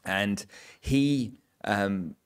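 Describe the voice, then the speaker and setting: A man hosting a casual interview, chatty and relaxed, asking broad questions. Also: on the low side, very slow, smooth. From United Kingdom. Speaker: interview host.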